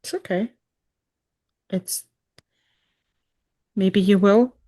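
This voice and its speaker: A woman's voice: mid-range voice, steady tone, very slow, dark tone. A woman playing a nervous, stammering character in a tabletop role-play game. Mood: flustered.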